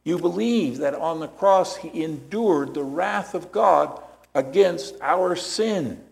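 A man's voice: a little high, expressive, slow pace, vocal fry, a little mellow. A man preaching a sermon as pastor, explaining scripture step by step and checking in with rhetorical questions.

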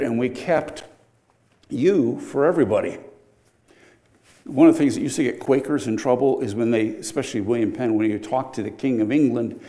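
Animated older male preacher, mellow voice. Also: mid-range voice, creaky. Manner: conversational, animated, with sudden loud emphatic rises. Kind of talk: sermon.

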